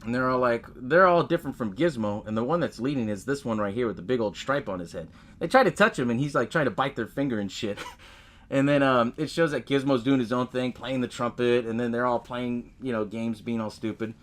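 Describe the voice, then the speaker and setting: A man's voice: mid-range voice, fairly quick, fairly bright tone. A man hosting a podcast, recapping a movie in a loose, profane way and laughing often as he tells it. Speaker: podcast host.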